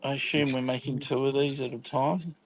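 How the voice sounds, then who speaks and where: A man's voice: medium pitch, steady tone, fairly quick, a little hiss or hum, rough recording. A man chatting casually on a stream while building a model, rambling through explanations and laughing often. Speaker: guest on stream.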